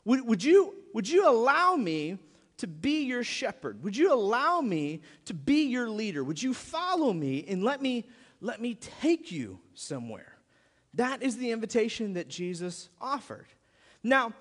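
A man preaching a sermon as pastor, animated and acting out mock prayers for his audience. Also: high-pitched. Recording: long hall reverb.

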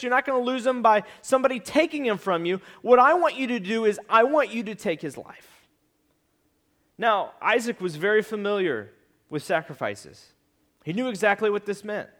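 High-voiced pastor preaching casually. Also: male voice. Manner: animated, builds to loud emphatic peaks; repeats phrases for emphasis. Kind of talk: casual conversational sermon.

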